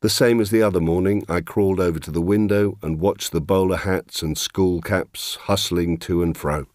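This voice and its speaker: A man's voice: sits low, fairly even intonation, normal speed, darkish tone, no echo, clean studio sound. A middle-aged man narrating in the first person, wry, reflective and plain-spoken.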